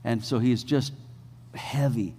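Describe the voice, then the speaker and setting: A man's voice: mid-range voice, slow pace, dark tone, husky. A middle-aged male pastor giving a sermon, telling stories about himself in a conversational way full of restarts. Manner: storytelling, self-deprecating and conversational with many restarts. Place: church sanctuary. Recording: long reverb of a church hall.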